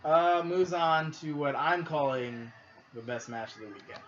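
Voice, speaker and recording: A man's voice: on the high side, measured pace, a bit bright. Midwestern guy over noisy lo-fi audio. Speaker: podcast co-host. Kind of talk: casual chat while gaming. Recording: lo-fi audio with clear background noise.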